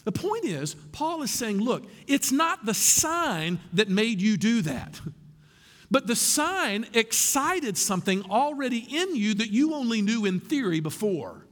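Guy preaching, high voice that swoops all over, chatty asides, big echoey church hall. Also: measured pace. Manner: animated, conversational preaching with asides. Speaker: pastor. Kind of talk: sermon.

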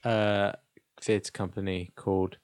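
A podcast co-host in casual chat, cracking deadpan jokes. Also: sits low, takes it slowly, no echo, studio quality.

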